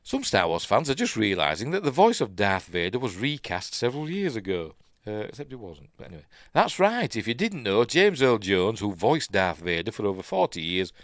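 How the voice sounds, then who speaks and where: A man's voice: lowish voice, big pitch swings, moderate pace, no echo, studio quality. A man with a Yorkshire accent hosting a casual live-stream news chat, rambling into asides and chuckling to himself.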